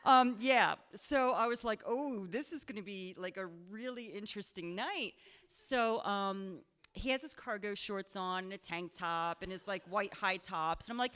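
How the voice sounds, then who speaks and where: Young woman, live storyteller, chatty and self-mocking, mid-pitched, lots of fillers. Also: a little slow, a bit bright, smooth. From Pennsylvania. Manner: chatty, self-deprecating, laughing often, full of "like" and "um". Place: live show in a cultural center.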